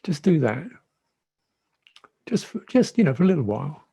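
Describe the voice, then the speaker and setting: A man who is a Buddhist monk teacher giving a dhamma talk in a reflective, gentle way, often repeating his phrases. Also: on the high side, very animated, normal speed, creaky, slightly rough. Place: monastery meditation hall.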